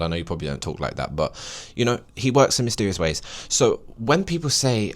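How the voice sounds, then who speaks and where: A man's voice: low voice, lively intonation, a little fast, few pauses. A man in his late twenties hosting a solo podcast, rambling and preachy as he urges listeners on with emphatic encouragement. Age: late 20s. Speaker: podcast host.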